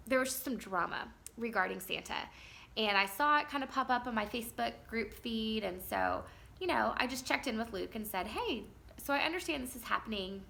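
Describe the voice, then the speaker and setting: Mom vlogger, woman, 30s, bright edgy tone, casual rambling storyteller. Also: a little high, creaky. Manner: chatty, rambling, many fillers.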